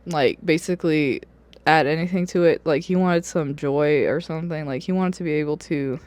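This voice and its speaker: Here's a mid-range, slightly mellow voice at a moderate pace, with no echo, belonging to a book vlogger in a relaxed review chat. Expect plenty of fillers, swearing and laughing fits, captured by a camera or phone on a wobbly stand.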